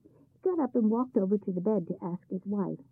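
A woman narrating a folk tale in a lively, expressive reading. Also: mid-range voice, brisk, gravelly, husky, no room sound. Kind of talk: storybook narration. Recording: tinny phone-like sound.

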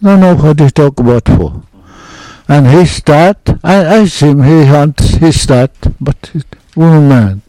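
An older man telling an oral history hunting story in halting, broken English, with many restarts. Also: a little high, mellow, no room sound, rough recording. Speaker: interviewee.

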